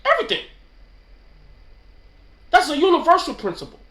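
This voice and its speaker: High, bright-voiced New man rambling. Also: expressive, normal speed, roomy sound. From New York. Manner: slangy, rambling, keeps asking "you know what I'm saying". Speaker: channel host. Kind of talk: casual off-the-cuff commentary.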